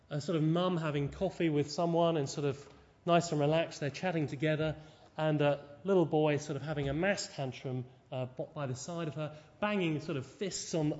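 A preacher delivers a sermon in a fairly high, mellow voice at a moderate pace, working carefully through the scripture. He keeps putting rhetorical tag questions to the congregation. The lo-fi recording carries a long, echoing hall reverb.

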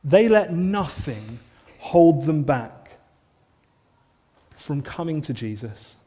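A man preaching a sermon in an earnest manner, often dropping to soft, intense lines. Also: on the high side, very animated, takes it slowly, pauses often, breathy edge, big-room sound.

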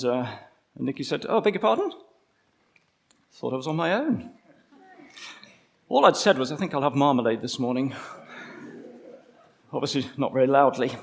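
A man delivers a sermon in an easy, conversational way, stretching out the phrases he wants to land. His voice sits fairly high and swings widely in pitch. A gravelly edge runs under his words. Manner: conversational, slows down to stress key phrases. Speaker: preacher.

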